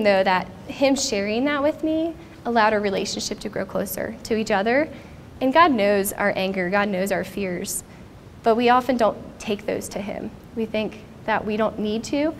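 A woman's voice: medium pitch, normal speed, creaky, a little hiss or hum. A woman in her thirties speaking at a conference, telling a personal story in an earnest, reflective way. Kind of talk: personal testimony talk. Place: conference stage.

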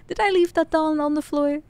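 A woman's voice: high-pitched, fairly even intonation, normal speed, a little mellow, dry recording. A woman streaming a stealth video game, chatting playfully with frequent giggles and stammered restarts. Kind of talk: live game commentary.

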